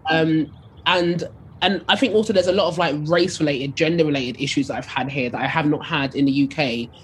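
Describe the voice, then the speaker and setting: Chatty young Essex woman, lively storyteller. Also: low-pitched, fairly quick, a little hiss or hum. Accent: Essex English. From England. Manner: animated, chatty, many fillers like "like". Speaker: DJ and radio host. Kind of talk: casual storytelling interview.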